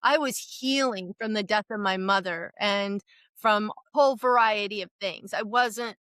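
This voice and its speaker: A woman's voice: medium pitch, unhurried, fairly bright tone, smooth, dry recording. Frank, swearing middle-aged woman podcaster. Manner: frank, profane, self-deprecating. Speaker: podcast co-host. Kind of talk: candid casual chat.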